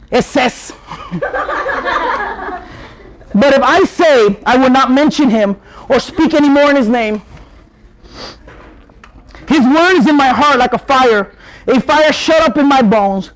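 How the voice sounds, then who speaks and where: A young man preaching to youth, animated and joking, rising to shouts as he pleads. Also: extremely high pitch, a little slow, long pauses, low-quality recording. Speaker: youth pastor. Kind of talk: youth sermon.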